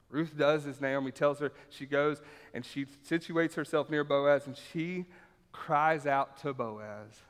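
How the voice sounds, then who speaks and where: A man's voice: on the high side, a little slow, fairly bright tone. A man preaching a sermon and reading scripture aloud, talking conversationally, repeating points for emphasis and often asking the room "right?". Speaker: pastor. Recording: reverberant hall.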